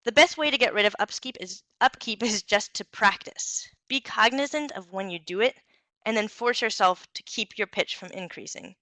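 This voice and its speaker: A young woman giving an instructional talk on communication skills, clear and encouraging, with occasional fillers. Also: medium pitch, moderate pace, sharp tone, no room sound.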